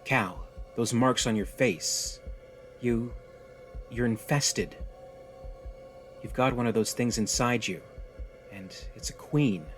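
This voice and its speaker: A man's voice: mid-range voice, takes it slowly, pauses often, faint music behind, lightly acted. A man voicing a tough, jaded young woman stranded on an alien world, speaking bluntly and wearily. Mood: tense. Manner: blunt, weary, resigned.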